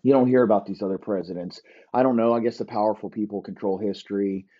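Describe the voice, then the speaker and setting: A man's voice: on the low side, steady tone, fast, highs cut off. A man hosting a podcast, ranting profanely in a rambling comic monologue. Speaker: podcast host. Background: dogs barking.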